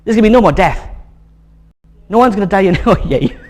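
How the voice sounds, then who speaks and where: A man with a notably high voice preaching to his congregation in a chatty, joking way. He keeps coaxing the room to get excited and talks like he's among friends. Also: brisk. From Wales. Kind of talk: sermon. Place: church hall.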